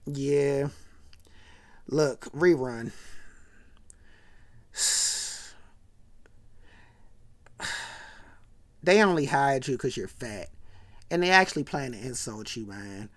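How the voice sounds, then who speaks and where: A woman voicing an awkward, nervous teenage boy in a lower, quiet, hesitant voice. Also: big pitch swings, normal speed.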